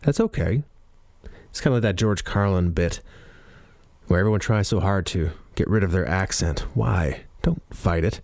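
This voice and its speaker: A Canadian man with a notably low voice talks through a casual, rambling podcast monologue. He sits at a studio mic, and his voice sounds dry and close with no room sound around it. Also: moderate pace, gravelly, darkish tone, no room sound. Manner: rambling, loose and chatty. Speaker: podcast host. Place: recording studio. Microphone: studio mic with headphones on.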